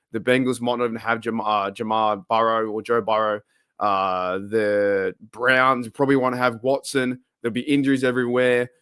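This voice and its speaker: A man's voice: mid-range voice, a bit bright, no room sound, clean studio sound. An Australian man hosting his fan channel, chatting casually in a rambling, jokey way. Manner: rambling, jokey, many fillers and restarts. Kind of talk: casual vlog commentary.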